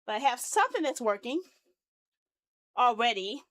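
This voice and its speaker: A woman's voice: on the high side, sing-song, normal speed, a bit bright. A woman live streaming as she works on her site, muttering to herself, swearing and repeating herself. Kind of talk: casual live stream while coding.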